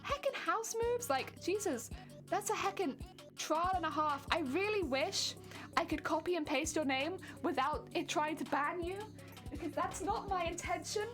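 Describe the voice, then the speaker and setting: A woman's voice: very high voice, moderate pace, over music. A young woman, chatting casually and laughing often as she talks to viewers on her craft live stream.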